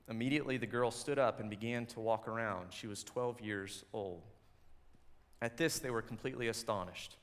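A male pastor delivers a sermon at a fairly quick pace, sinking into soft, hushed lines before swelling into loud, forceful passages. When he reads scripture, his voice goes lower and steadier.

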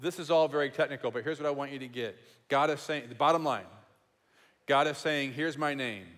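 A man preaching a sermon as pastor, emphatic and repetitive, dropping to a hush on key words. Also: mid-range voice, brisk. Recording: long hall reverb.

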